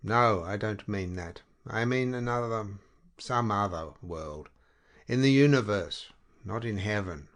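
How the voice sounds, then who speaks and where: A man voicing a capricious young woman in a spoken story, her speech halting and fluttering. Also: lowish voice. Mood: insistent. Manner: halting, fluttering and slightly unsteady. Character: wistful, capricious young woman, lover of an officer.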